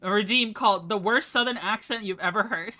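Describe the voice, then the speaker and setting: A young woman streamer talks to her chat in a bright, forceful voice. She jumps from topic to topic, rambling and laughing along the way. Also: medium pitch, expressive, moderate pace. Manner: chatty, rambling, laughs often. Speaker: VTuber streamer. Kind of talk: casual live-stream chat.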